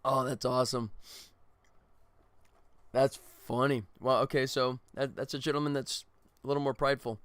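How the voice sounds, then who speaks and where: A man's voice: medium pitch, flat delivery, normal speed, pauses often, a bit bright, smooth, no echo. A tired middle-aged man, a game developer, chatting casually and ramblingly on a livestream. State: exhausted.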